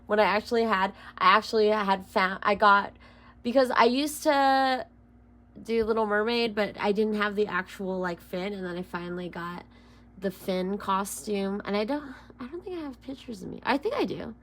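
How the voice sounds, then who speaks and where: A woman's voice: medium pitch, moderate pace, a bit bright. Young woman, tarot reader, casual vlog, swears and laughs between solemn card readings.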